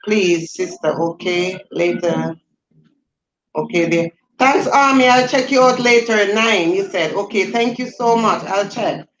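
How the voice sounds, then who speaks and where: A middle-aged Jamaican woman hosting a casual livestream. She talks in a relaxed, chatty way, reading out viewer comments and answering them between stories. Her Jamaican accent runs through everything she says. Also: mid-range voice, a little slow, roomy sound, poor audio. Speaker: livestream host.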